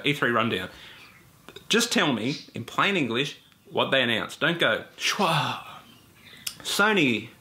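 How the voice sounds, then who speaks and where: A man's voice: medium pitch, pushed and bright. A man giving blunt, profane, rambling opinions on video games straight to his viewers. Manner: rambling with fillers and self-corrections. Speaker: gaming YouTuber. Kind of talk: casual opinion rant to camera.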